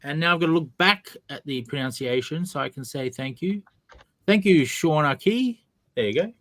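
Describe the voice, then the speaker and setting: A man's voice: mid-range voice, fairly quick, fairly bright tone, no room sound. A man hosting a casual chat about comics, playful and jokey. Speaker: host.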